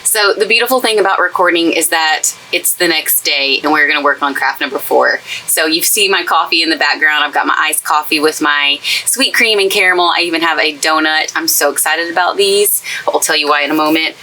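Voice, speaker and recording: A woman chats her way through a craft tutorial, gushing about everything she loves. Her voice is bright and forceful, sitting a little low. A faint hiss of background noise sits behind her. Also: a little fast, hardly any pauses, poor audio. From East Texas. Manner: chatty, gushing and enthusiastic. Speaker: craft channel host. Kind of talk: casual craft tutorial chat. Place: craft space in a camper trailer.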